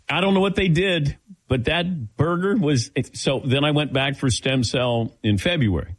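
A man's voice: a little high, takes it slowly. An older man hosting a sports talk show, telling stories casually and acting out the dialogue. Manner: animated, acts out quoted dialogue. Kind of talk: casual on-air storytelling.

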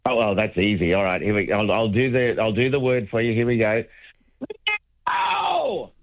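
A man being interviewed on the radio about his record for the loudest shout. He talks in a playful, casual way and laughs easily. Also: on the low side, steady tone, fast, no room sound, narrow, tinny audio. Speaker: world record holder guest.

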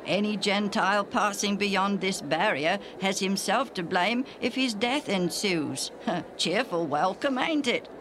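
A woman's voice: mid-range voice, unhurried, background noise, voice pushed up, natural voice. Woman doing a wry, sardonic man. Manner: dry, mocking. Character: wry, sardonic male companion. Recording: music playing underneath.

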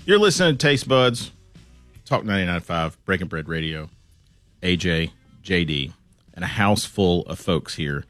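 Man, radio host, lower voice, very lively pitch, dry studio sound. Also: no room sound, soft background music. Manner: joking, animated, quick asides. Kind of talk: casual radio chat.

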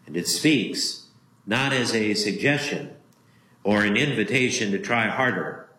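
A man preaching a sermon as a pastor, slow and emphatic, leaning on single words with long pauses. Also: fairly low pitch, sharp tone, reverberant, rough recording.

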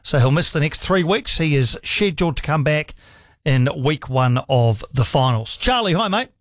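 A man's voice: fairly high pitch, lively intonation, normal speed, no room sound, studio quality. A man hosting a sports radio call-in show, enthusiastic, laughing often and reeling off stats. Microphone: studio microphone.

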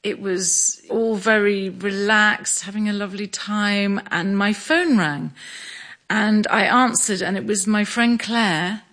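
A middle-aged woman from Scotland telling her story in an interview, measured, with small restarts. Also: medium pitch, fairly even intonation, a bit bright. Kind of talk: reflective interview.

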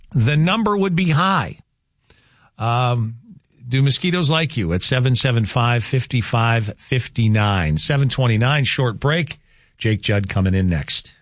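A man's voice: mid-range voice, a bit bright, no room sound. A man hosting a local radio morning show, chatting casually and joking with a guest and taking listener texts from a studio. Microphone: studio mic.

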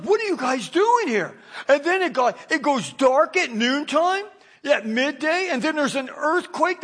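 A male pastor giving a lively, joking sermon that acts out the people in the passage. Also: extremely high pitch. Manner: animated, jokey, acts out quoted figures.

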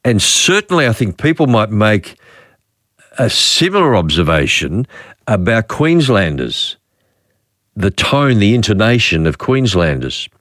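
A man's voice: on the low side, big pitch swings, measured pace, a bit bright, no room sound. A middle-aged man with an Australian accent hosting casual talkback radio, musing aloud with chatty fillers at a close studio mic. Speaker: radio host.

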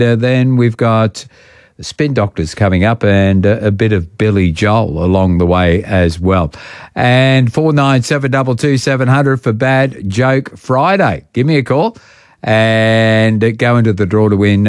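Matey Aussie breakfast host, mid-pitched, dry studio sound. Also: male voice, no echo. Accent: Australian. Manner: jokey, laughs often, matey. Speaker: radio host. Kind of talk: breakfast radio chat.

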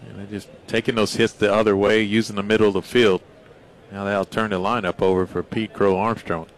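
A man giving baseball color commentary, measured and analytical in tone. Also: on the low side, little pitch movement.

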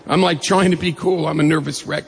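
Gravelly husky man telling a story. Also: a little high, fairly quick. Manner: lively, animated retelling. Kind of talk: personal storytelling. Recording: long reverb of a hall.

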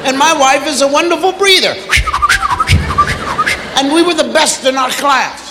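Male stand-up comic, high lively voice, unhurried, live hall echo with audience. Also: heavy background noise. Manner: drawn-out, acts out sounds and voices. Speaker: stand-up comedian. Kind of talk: stand-up storytelling. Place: theater stage before a live audience. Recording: roomy live hall recording with crowd. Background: audience laughter.

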